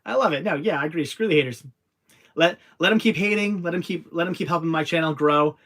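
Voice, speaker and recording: A man's voice: fairly high pitch, fast, fairly bright tone. A young adult man hosting a casual livestream, reading out viewer comments and answering in a rambling way with lots of fillers and restarts. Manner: rambling, many fillers and restarts, laughs easily.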